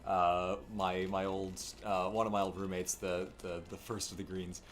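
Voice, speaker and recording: A co-player on a game stream telling stories haltingly, with plenty of restarts, and laughing at themself. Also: low voice, little pitch movement, a little hiss or hum. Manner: halting storytelling, self-amused. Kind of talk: casual chat. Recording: faint music behind.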